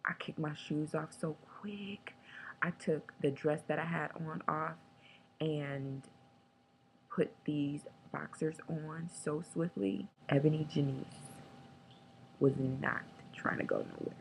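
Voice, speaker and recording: A woman talking candidly in a casual video diary, emotional and joking, sometimes breaking into a squeaky high chant. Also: takes it slowly, gravelly, a little hiss or hum, low-quality recording. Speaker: vlogger.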